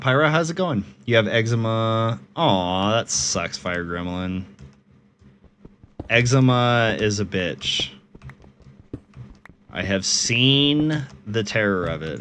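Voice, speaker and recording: A man's voice: on the low side, very animated, slow, fairly bright tone, a little hiss or hum. A man streaming a game and chatting casually with viewers, laid-back, swearing freely and often laughing.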